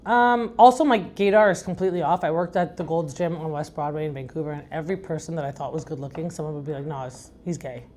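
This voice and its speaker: Middle-aged woman from Iran, deep and raspy, frank chatty podcast host who rambles. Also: fast talker, hardly any pauses, darkish tone, a little hiss or hum. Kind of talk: casual recap chat.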